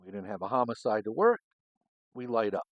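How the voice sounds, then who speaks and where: Low-voiced profane middle-aged man. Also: big pitch swings, fairly quick, no room sound, dull audio. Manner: profane, rambling and anecdotal. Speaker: cigar show host, former homicide detective. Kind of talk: casual storytelling.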